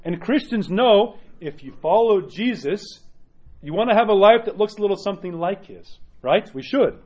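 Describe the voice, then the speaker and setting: Earnest priest preaching, dull lo-fi sound. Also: male voice, high-pitched, moderate pace. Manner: earnest and animated, tags lines with "right?". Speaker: Orthodox priest. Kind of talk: sermon.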